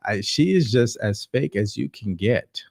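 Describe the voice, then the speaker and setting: A man hosting casual political commentary, talking slowly with lots of fillers and a sarcastic edge. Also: lowish voice, lively intonation, creaky, darkish tone. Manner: slow, hesitant with many fillers, sarcastic.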